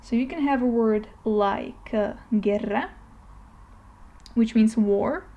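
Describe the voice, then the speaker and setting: A woman's voice: on the high side, takes it slowly, highs cut off. A woman teaching a pronunciation lesson, explaining patiently step by step and often checking in with "okay?". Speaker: language teacher. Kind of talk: narrated language lesson.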